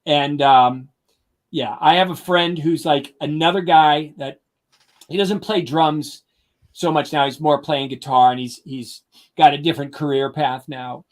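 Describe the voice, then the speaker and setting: Older guy spinning road-trip stories about drummers, bit higher voice, acts out his buddies. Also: a little slow. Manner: animated anecdotes, quotes friends in lively voices. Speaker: drum educator, guest. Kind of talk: casual storytelling.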